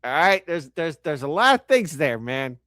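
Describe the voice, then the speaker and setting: A man hosting reaction commentary, animated and sarcastic, swearing often and talking with lots of fillers. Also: on the high side, moderate pace, dry recording, clean studio sound. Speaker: commentary host.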